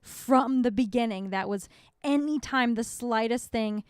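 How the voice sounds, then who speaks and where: A woman's voice: fairly high pitch, a little slow, clear, resonant tone, no room sound, clean studio sound. A young woman from North Dakota co-hosting a podcast, talking candidly and rambling, swearing freely in casual chat. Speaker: podcast co-host.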